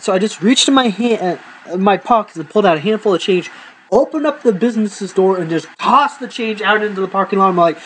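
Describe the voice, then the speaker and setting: A man's voice: sits high, expressive, quick pace, fairly bright tone, husky, rough recording. A man telling rambling, profane comic stories from his life and acting out the dialogue. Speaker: comedy storyteller. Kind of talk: casual comedic storytelling.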